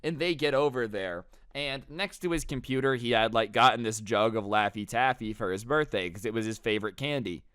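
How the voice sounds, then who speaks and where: Man, storytime vlogger, smooth clear voice, dry close sound, slangy and chatty. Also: medium pitch, brisk, few pauses, fairly bright tone, dry recording. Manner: slangy, filler-heavy, addresses viewers as bro and dude. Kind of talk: casual storytelling.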